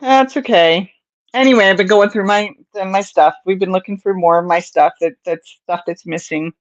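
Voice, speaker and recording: A woman's voice: mid-range voice, steady tone, fairly quick, dry recording, dull audio. An older woman hosting a crochet livestream, chatting in a rambling, casual way to viewers and often chuckling. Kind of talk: casual chat while crocheting.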